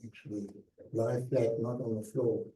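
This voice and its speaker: An older man recounting his own past in a slow, emphatic talk with hushed pauses, heard from a distance in an echoey lecture hall. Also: medium pitch, little pitch movement. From South Africa. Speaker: guest speaker. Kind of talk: personal memoir talk.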